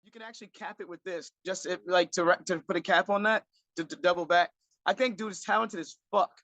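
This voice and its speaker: A man talks in a relaxed podcast chat, blunt and a bit profane, restarting his sentences as he thinks. His voice sits high, and the recording is dry with no room sound. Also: brisk, no echo, highs cut off. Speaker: podcast co-host. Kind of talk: casual chat.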